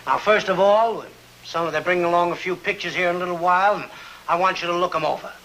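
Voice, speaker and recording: An actor playing a brisk police officer giving orders, in a 1940s radio drama with faint background noise. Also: male voice, sits high, steady tone, fairly bright tone, low-quality recording.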